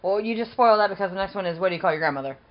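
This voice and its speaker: A woman's voice: medium pitch, animated, very fast, muffled recording, a little hiss or hum. A woman co-hosting a podcast, reading quiz questions and giving short answers. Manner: reads quiz questions, brief replies. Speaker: podcast co-host. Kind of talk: casual chat.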